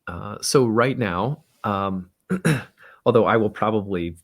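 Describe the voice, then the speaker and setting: A man hosting an astrology talk, telling a personal story in a halting, reflective way. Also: lowish voice. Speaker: astrologer host.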